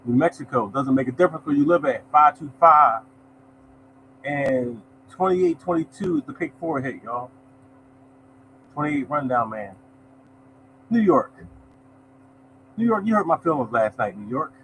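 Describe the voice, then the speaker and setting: A man's voice: fairly high pitch, animated, a little slow, pauses often, fairly bright tone, a little hiss or hum, low-quality recording. A man hosting a lottery show, chatting casually as he reads results and greets viewers by name. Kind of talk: casual live-stream chat, reading results.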